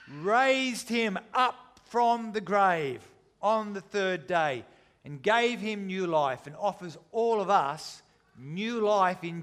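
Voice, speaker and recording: A man preaching a sermon, retelling a story with dramatic, shifting intensity. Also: high voice. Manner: dramatic, shifting between loud and hushed.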